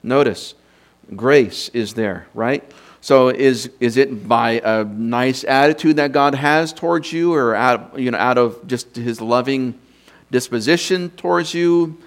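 A preacher teaches doctrine from scripture in an unscripted sermon, thinking aloud and putting rhetorical questions to his listeners. His voice is medium in pitch and a little slow.

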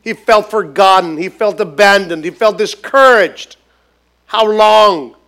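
High-voiced, slow, emphatic male preacher. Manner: emphatic, repeats words, swings from loud to hushed. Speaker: pastor. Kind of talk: sermon. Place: church gathering.

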